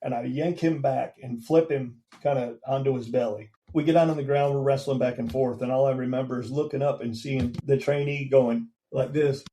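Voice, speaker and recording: A man in his fifties with a mellow, warm tone tells his story on a podcast. His pitch sits in an ordinary middle range for a man. He speaks conversationally and now and then acts out what people said. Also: steady tone, moderate pace, few pauses, poor audio. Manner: recounts events plainly, acting out quoted dialogue. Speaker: guest, veteran and former police officer.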